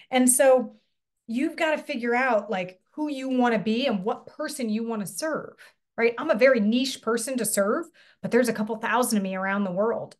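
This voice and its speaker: Chatty woman coach, slightly high voice. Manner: casual, chatty, swears lightly, asks the audience questions. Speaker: business coach. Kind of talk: live online coaching lesson.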